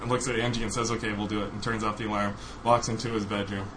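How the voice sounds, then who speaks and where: A man's voice: lowish voice, little pitch movement, fast. A man casually telling a funny story on a podcast, laughing often as he goes. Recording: noisy recording.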